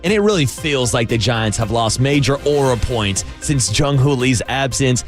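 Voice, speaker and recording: A man's voice: medium pitch, lively intonation, moderate pace, faint music behind. A man co-hosting a sports radio show, playful and upbeat, reading a sponsored segment.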